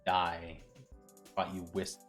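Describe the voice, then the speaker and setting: A man's voice: low-pitched, monotone, slow, fairly bright tone, soft background music. Laid-back man joking over a game. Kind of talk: casual game commentary.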